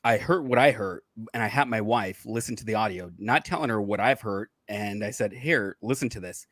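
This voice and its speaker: A man, a psychic medium guest, explaining in calm casual chat with frequent fillers. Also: on the low side, a little fast, dry recording, studio quality.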